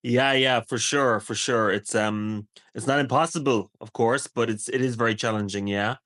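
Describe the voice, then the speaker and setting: Cork Irish man, dry and unhurried. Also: medium pitch, steady tone, fairly bright tone, no room sound. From Ireland. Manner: measured, with frequent ums and uhs. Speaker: English teacher. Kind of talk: casual conversation.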